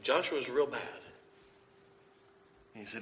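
A preacher recounts a personal story from the pulpit, a man's voice bright and pushing forward. He tells it as a lively storyteller who laughs at his own tale. His words ring out with the long echo of a large hall. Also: mid-range voice, normal speed, long pauses, slight background noise. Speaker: preacher giving a testimony.

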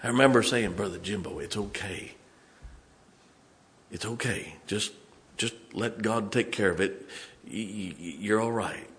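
Man pastor preaching, slow, bright and forceful, long reverb in the sanctuary. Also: lowish voice. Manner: storytelling preacher, breaks into song and shouts. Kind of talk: sermon. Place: church sanctuary.

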